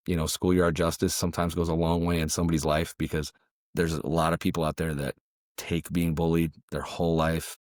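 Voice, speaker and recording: A man's voice: low voice, little pitch movement, a little fast, dry recording, clean studio sound. A man, a martial arts coach and parent, telling a story animatedly on a podcast, often tagging his lines with "right?".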